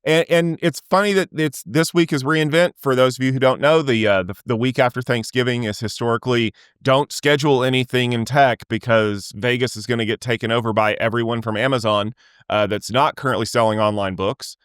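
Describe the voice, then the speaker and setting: A man hosting a podcast from a hotel room in a relaxed, joking way, stumbling and repeating words, on a remote call microphone. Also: mid-range voice, fairly quick, smooth, no echo, clean studio sound. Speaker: podcast host.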